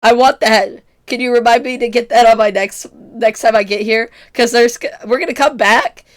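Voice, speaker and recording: A woman's voice: a little high, normal speed. A woman in her twenties streaming and chatting casually, giggly and self-mocking, her voice strained from illness. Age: 20s. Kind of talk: casual chat with chat.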